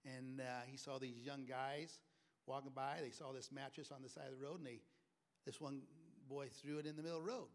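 A man preaching a sermon, telling stories and acting out quoted speech with loud, emphatic bursts. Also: medium pitch. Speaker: pastor.

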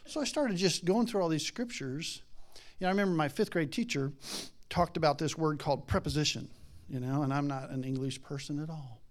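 A man's voice: a little high, brisk. A middle-aged man preaching a casual sermon, chatty and rambling, laughing often and acting out voices in his stories. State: has a daughter.

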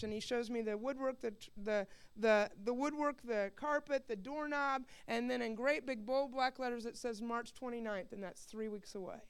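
A woman from Missouri giving an emotional personal testimony, earnest and building to loud, impassioned preaching, often repeating words. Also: on the high side, clear, resonant tone.

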